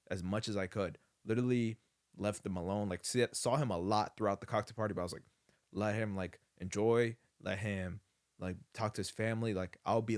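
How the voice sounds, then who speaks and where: Young man, lowish voice, casual rambling storytelling, lots of fillers, excitable. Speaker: podcast host.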